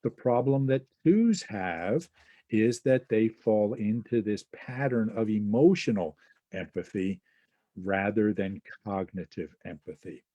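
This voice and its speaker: A man's voice: fairly low pitch, takes it slowly, warm tone, no echo, highs cut off. A man hosting a webinar, teaching casually and acting out small example scenes with lots of fillers. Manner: acts out little scenes with quoted voices, many fillers and asides. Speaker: webinar host and Enneagram teacher.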